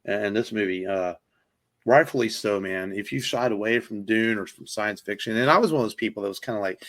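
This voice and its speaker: A male podcast co-host reviews movies casually, rambling eagerly with many fillers and an occasional curse. He has a fairly low, somewhat bright voice and talks a little fast.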